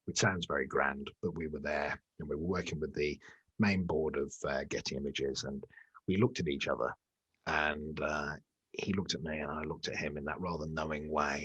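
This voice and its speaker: A man's voice: extremely low pitch, fairly even intonation, normal speed, a bit bright, slightly rough, dry recording, highs cut off. A middle-aged man, an executive coach being interviewed over a remote call, talking in a jokey, self-deprecating, rambling way. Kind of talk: conversational interview.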